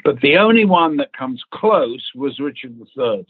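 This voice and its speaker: A man's voice: medium pitch, big pitch swings, moderate pace, husky, no echo. A man from England, an actor, telling anecdotes in an interview and imitating the people in his stories. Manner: storytelling, mimics voices in quotes. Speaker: actor guest. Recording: tinny phone-like line.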